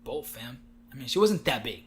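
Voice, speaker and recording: A man's voice: mid-range voice, very animated, normal speed, a little hiss or hum. A young man co-hosting a podcast, telling a story in casual chat, acting out the quotes and laughing often. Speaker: podcast co-host.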